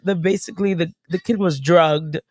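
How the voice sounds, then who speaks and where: Fairly low-pitched and moderately paced, this young woman chats casually as a guest on a stream, with no echo on the recording. She's blunt and profane and tells her stories with lots of animation, though she's still getting over a cold.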